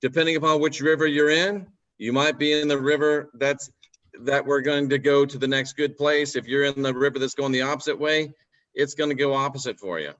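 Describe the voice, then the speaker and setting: A former preacher speaks as a calm, measured guest in a conversation. His voice sits at a middle pitch. The audio sounds slightly dull and lo-fi. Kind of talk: casual discussion.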